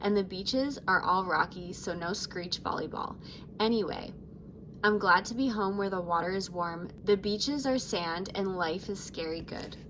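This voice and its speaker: A woman voicing a laid-back teenage sea-monster surfer girl, reading her diary aloud softly. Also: mid-range voice, measured pace, slight background noise, natural voice, rough recording. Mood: mellow.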